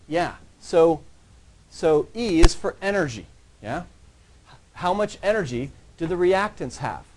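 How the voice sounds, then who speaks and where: Higher-pitched man lecturing a class. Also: darkish tone. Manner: checks in constantly with "yeah?" and "right?"; conversational, joking with students. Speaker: college microbiology instructor.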